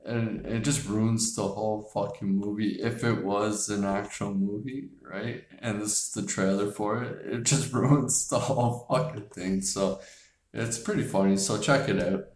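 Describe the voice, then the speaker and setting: A man's voice: fairly low pitch, fairly even intonation, a little slow, darkish tone. A man hosting a casual chat about favorite movies, rambling with lots of fillers, restarts and casual swearing. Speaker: host. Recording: echoey room.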